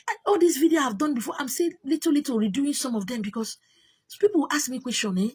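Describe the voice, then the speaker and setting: A woman's voice: sits high, animated, brisk, a little mellow. A woman with a Nigerian accent, a spiritual teacher talking in an exasperated, emphatic monologue that keeps circling back on itself. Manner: exasperated, emphatic, repeats herself. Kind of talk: casual monologue.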